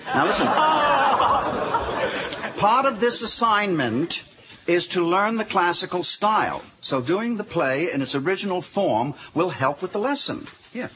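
An earnest, lecturing teacher. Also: male voice, sits high, lively intonation, a little slow, background noise. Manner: enthusiastic, lecturing. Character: earnest middle-aged male drama teacher.

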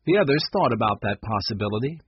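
A man narrating a children's storybook with a lively, expressive reading. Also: mid-range voice, fast, muffled recording, slight background noise.

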